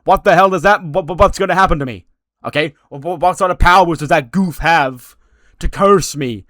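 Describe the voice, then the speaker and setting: A man voicing a brash, furious male wrestling champion who shouts and stammers in outrage. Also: mid-range voice, fast talker, dry recording, studio quality, lightly acted. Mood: panicked.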